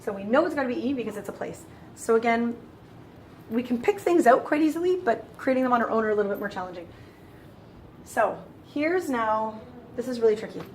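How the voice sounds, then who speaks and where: Woman, teacher, casual lesson, talks as she thinks, slightly high, light hiss. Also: animated, brisk, a little mellow. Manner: chatty, self-correcting, thinks aloud. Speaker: French teacher.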